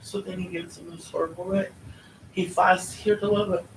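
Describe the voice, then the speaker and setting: In a church hall, a woman gives an earnest, heartfelt personal testimony, often tagging her lines with "right?". Her fairly low voice holds fairly even intonation at a moderate pace, and the recording is roomy and distant with a faint background hum.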